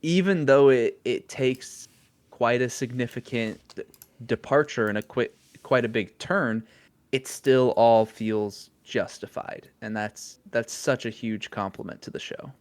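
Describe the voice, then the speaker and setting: A young man in relaxed podcast conversation, with a voice of ordinary pitch. He thinks out loud with plenty of fillers and slips in small chuckles. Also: measured pace. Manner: laid-back, chuckles often, thinks aloud with fillers. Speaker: podcast co-host. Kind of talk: casual chat.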